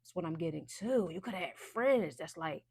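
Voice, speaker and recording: A woman's voice: lowish voice, animated, normal speed, darkish tone, husky, no echo, studio quality. A woman giving a casual, chatty intuitive card reading, loose and full of fillers. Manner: chatty, loose, many fillers and restarts, laughs often.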